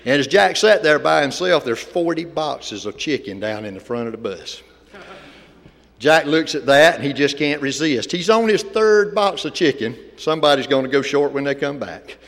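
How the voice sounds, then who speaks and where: A man's voice: fairly high pitch, lively intonation, normal speed, gravelly, a bit bright. A man speaking to a church congregation as a visiting ministry speaker, telling a folksy story and then making an earnest appeal. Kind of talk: sermon with storytelling. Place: church sanctuary. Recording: reverberant church hall.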